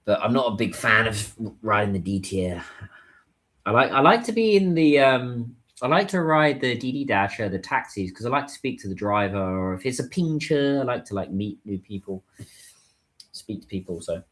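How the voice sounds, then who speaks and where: A man talks casually on a livestream, with a slightly low-pitched voice. He muses to himself and answers viewers' comments as he waits in a taxi queue, recorded on a phone. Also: sing-song, moderate pace, fairly bright tone. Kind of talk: casual live-stream chat.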